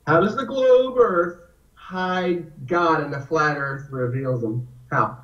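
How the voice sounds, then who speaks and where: A man's voice: a little high, takes it slowly. A man telling stories in a casual conversation, acting out the voices of the people he quotes. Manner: animated storyteller, acts out quotes. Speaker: guest. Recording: echoey, distant, dull lo-fi sound.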